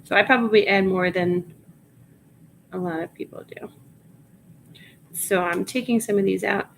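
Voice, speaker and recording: A woman with a Long Island accent, a reseller listing items on a livestream, chats casually while she works, muttering and reading bits aloud to herself as she types. Her gravelly voice sits at medium pitch with fairly even intonation and a normal pace. The recording is rough, with slight background noise.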